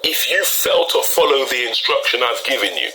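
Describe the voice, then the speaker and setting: A man's voice: mid-range voice, lively intonation, normal speed, a loud crowd, low-quality recording. A man with a British accent hosting a casual explainer video, talking with wry, chatty asides. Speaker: video host.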